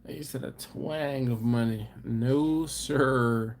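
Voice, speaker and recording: A man's voice: mid-range voice, slow pace, darkish tone, a little hiss or hum. A man hosting a live stream, casually chatting and reading viewer comments with easygoing chuckles. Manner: laid-back, chuckling, chatty asides to viewers.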